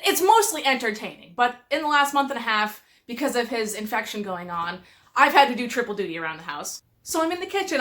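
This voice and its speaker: A woman's voice: high voice, pushed and bright. A woman telling stories casually to camera, chatty and exasperated, with lots of "like". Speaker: vlogger.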